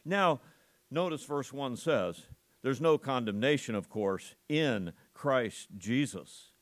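A man's voice: mid-range voice, expressive, slow. A male pastor preaching a sermon at a church service, emphatic and full of rhetorical questions to his congregation.

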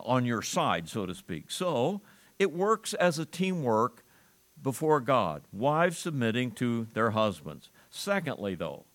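Slow, deliberate male preacher. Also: mid-range voice, a bit bright. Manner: earnest preaching with pauses, restarts and rising emphasis. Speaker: pastor. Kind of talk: sermon.

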